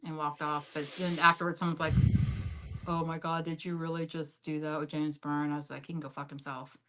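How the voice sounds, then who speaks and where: Bright, blunt, profane woman storyteller. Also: fairly quick, a little hiss or hum, rough recording. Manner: blunt and heavily profane, leans on "like" as a filler; animated, jumps up and drops low in pitch and loudness. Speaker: interview guest. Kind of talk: candid storytelling in a sit-down interview.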